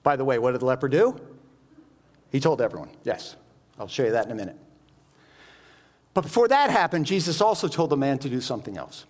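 A man's voice: mid-range voice, big pitch swings, a little fast, long pauses. A man preaching a sermon. He explains each point and keeps asking the listeners rhetorical questions.

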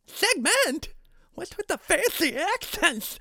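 A squeaky, excitable little boy. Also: slow pace, no room sound, studio quality, exaggerated voice. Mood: relieved. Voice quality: high squeaky voice with a gravelly edge. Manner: chatty and dramatic. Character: excitable young cartoonish boy. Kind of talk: children's podcast puppet role.

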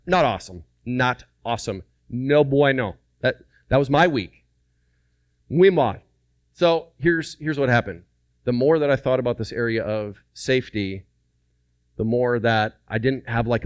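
A man preaching a lively, joking sermon to men at a church service, calling out to the audience for responses. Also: mid-range voice, dry recording. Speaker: pastor.

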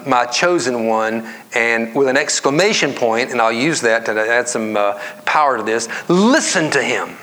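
A male pastor speaks to his congregation in an easy, conversational way. His voice sits in a middle pitch but climbs sharply when he stresses a point, and he sometimes drops to a hushed whisper. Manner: conversational preaching, rising to emphatic highs and dropping to whispers. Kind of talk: sermon.

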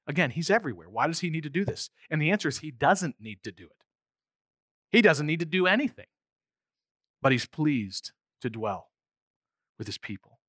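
Animated preacher, man, dry close sound. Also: medium pitch, no room sound. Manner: animated, rising to near-shouts for emphasis. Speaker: pastor. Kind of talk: sermon.

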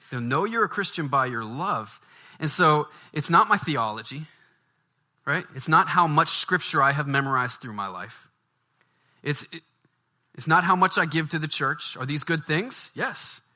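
A man preaches in a lively, conversational way, his voice rising and falling widely. The tone is bright and forceful, pitched a bit high for a man. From Baton Rouge, Louisiana, US. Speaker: pastor. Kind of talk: sermon.

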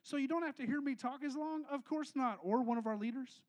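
Very high-pitched and a little fast, this young man is a pastor giving a relaxed, slangy sermon that jumps from quiet asides to loud, forceful statements.

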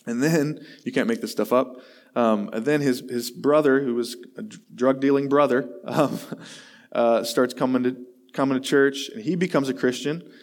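A man's voice: medium pitch, normal speed. A man, a pastor, giving a sermon in a conversational, self-deprecating way, telling a long story and acting out the voices in it.

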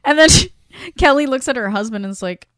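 A woman's voice: a little high, lively intonation, quick pace, fairly bright tone, no echo, clean studio sound. A woman chatting casually on a podcast, recapping a show with laughter, swearing and acted-out quotes. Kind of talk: casual chat.

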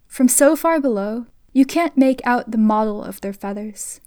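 A woman reads literary fiction in a quiet, intimate voice that is fairly high but mellow and warm. Her delivery is hushed and sometimes slips into a whisper. The recording is close and dry, with no room sound. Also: animated, normal speed, no room sound. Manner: soft and hushed, dropping to a whisper at times. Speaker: reader of a short story. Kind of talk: literary reading in second person.

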